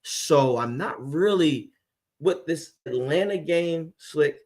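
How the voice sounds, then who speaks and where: A man's voice: on the high side, animated, takes it slowly, darkish tone. A man hosting a live sports fan stream, making emphatic game predictions and calling his co-host by name.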